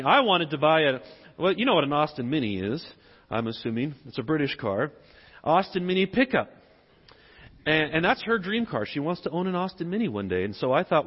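A middle-aged man with a Southern US accent preaching a conversational sermon and posing rhetorical questions. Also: on the high side. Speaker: pastor. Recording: echoey hall, dull sound.

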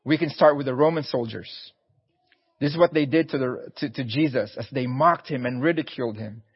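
Earnest, husky male preacher. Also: medium pitch, fairly quick, long reverb tail, lo-fi sound. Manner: earnest, pleading, repeats his words. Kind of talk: sermon.

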